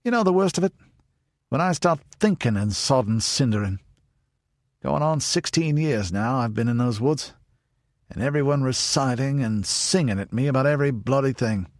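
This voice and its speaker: A man voicing a big, burly, older ranger, gruff and teasing. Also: mid-range voice, lively intonation, moderate pace, dry recording, studio quality, voice pushed up, close to an everyday voice.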